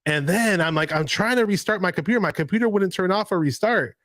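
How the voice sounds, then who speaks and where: Man, football show host, excited, rambling, higher voice, dry sound. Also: quick pace, no room sound. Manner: excited, rambling, laughs often. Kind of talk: casual football chat.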